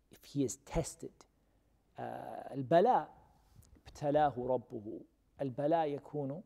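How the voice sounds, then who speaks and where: A man teaching a Quran commentary class, who questions his students and repeats key terms slowly. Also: medium pitch, a little mellow. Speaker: religious teacher. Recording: long reverb of a hall.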